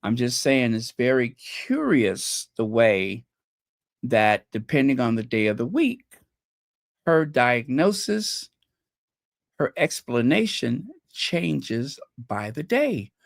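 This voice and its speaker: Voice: medium pitch, big pitch swings, slow, creaky, no room sound, clean studio sound. A channel host chatting casually with viewers, teasing and gossipy, often trailing off while searching for names and laughing at their own jokes. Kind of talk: casual livestream chat.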